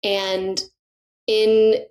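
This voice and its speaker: A woman's voice: medium pitch, very slow. A middle-aged woman, a podcast guest and author, telling stories with enthusiasm in casual conversation. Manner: enthusiastic, animated, laughs often.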